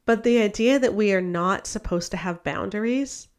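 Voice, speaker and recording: A woman hosts a podcast in a conversational way, weighing in with earnest critique. Her voice sits at a middle pitch. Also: normal speed, a little mellow, clean tone. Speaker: podcast host. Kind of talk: casual podcast discussion.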